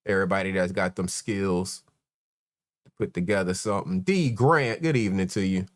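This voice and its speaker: A man's voice: sits low, normal speed. A man, hosting a casual live stream and greeting chat members one by one in a laid-back way. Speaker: host.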